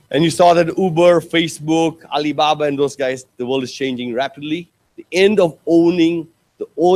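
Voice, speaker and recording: In a conference hall, this male keynote speaker brings his stories to life, performing quotes with dramatic pitch jumps. He talks right to the audience and keeps asking them rhetorical questions.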